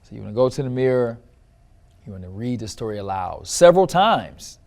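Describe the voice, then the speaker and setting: A middle-aged man teaching how to write and perform a personal story, with expressive shifts in loudness and pitch and repetition for emphasis. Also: a little fast, vocal fry. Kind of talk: instructional talk to camera.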